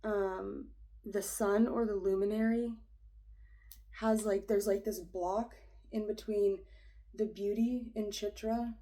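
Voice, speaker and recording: A woman's voice: medium pitch, fairly even intonation, slow, warm tone, low-quality recording. A young woman reading an astrology chart aloud in a casual, rambling way, hesitant and full of fillers, often dropping to a whisper. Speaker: astrology reader.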